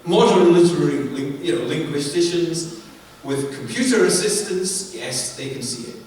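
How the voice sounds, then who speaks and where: A man giving an academic lecture at a university, animated and asking himself questions before answering them. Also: a little high, normal speed. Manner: animated, asks and answers his own questions. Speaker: visiting professor lecturing on authorship. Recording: roomy hall, distant mic, faint ambience.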